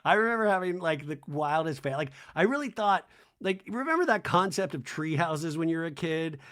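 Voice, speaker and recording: A man hosting a podcast, giving a casual, comedic TV recap in a rambling, animated way with lots of "like". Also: on the high side, normal speed. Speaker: podcast host.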